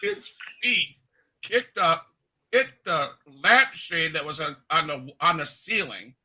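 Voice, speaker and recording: Host type: man in his fifties, higher voice, very bright and forward, animated storyteller. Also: slow pace, poor audio. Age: 50s. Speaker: podcast host. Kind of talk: casual interview storytelling.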